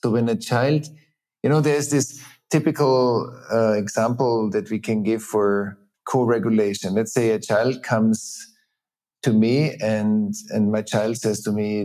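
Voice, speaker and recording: A middle-aged man, a teacher and facilitator, explaining ideas earnestly in an interview with many pauses and restarts. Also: lowish voice, fairly even intonation, dark tone. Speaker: teacher and trauma-healing facilitator, guest. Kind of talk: reflective interview talk.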